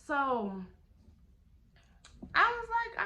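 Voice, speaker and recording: Animated young woman telling a storytime. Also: sits high, unhurried, slight background noise. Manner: animated, slangy storytelling with acted quotes. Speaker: vlogger. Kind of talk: casual storytime.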